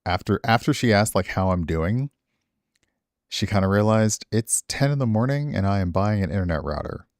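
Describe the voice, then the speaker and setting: Deep-voiced middle-aged man chatting on stream. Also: lively intonation, moderate pace, no room sound, studio quality. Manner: rambling, self-deprecating, chatting to viewers. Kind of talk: casual stream chat.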